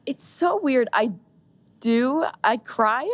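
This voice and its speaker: Young woman, podcast guest, casual and self-mocking, lively intonation. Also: a little high, slow. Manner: offhand, self-mocking, laughs easily.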